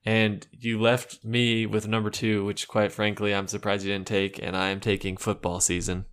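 A man with a low voice, co-hosting a podcast in casual banter. He teases his partner wryly and laughs along, and also moves the show along. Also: flat delivery, moderate pace, a bit bright, clear, resonant tone. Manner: wry, teasing, laughing along. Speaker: podcast co-host.

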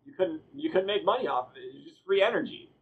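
Co-host, man, husky and a little high, wry and quick to laugh. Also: lively intonation, narrow, tinny audio. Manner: laughs often, wry asides. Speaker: podcast co-host. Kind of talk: casual chat.

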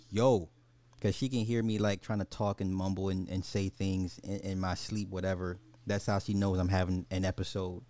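Animated man telling stories, dry sound. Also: fairly low pitch, no room sound. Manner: animated, swearing, laughs through his stories. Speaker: podcast host. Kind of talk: casual storytelling over a live game.

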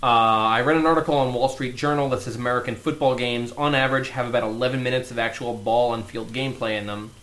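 A man co-hosting a casual podcast in a relaxed, unhurried way, reading listener questions aloud. He swears offhandedly and keeps things loose. His voice comes close on a podcast mic. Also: medium pitch. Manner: laid-back, swears casually.

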